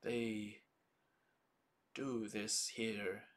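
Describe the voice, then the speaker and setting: A man voicing a frightened old village priest who speaks in halting, formal, archaic phrases. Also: lowish voice, flat delivery, fairly bright tone. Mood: uneasy.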